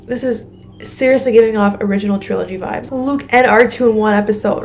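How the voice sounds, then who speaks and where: A young woman reacting out loud to a show, gasping and thinking aloud as she watches. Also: a little high, steady tone, normal speed, soft background music. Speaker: reaction video host. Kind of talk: live reaction commentary.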